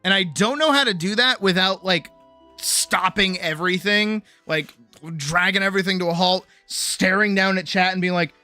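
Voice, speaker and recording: A woman's voice: medium pitch, moderate pace, pushed and bright, no room sound, soft background music. A woman streamer chatting casually with her live audience, rambling and acting out other people's voices, swearing freely.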